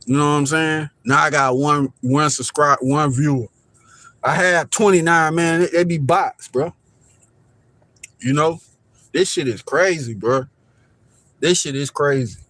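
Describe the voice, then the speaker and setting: A man's voice: a little high, a little slow, long pauses, a bit bright, no echo. A man live-streaming casual commentary while driving downtown, rambling and repeating himself as he points things out to viewers. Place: inside a car driving downtown. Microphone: phone camera.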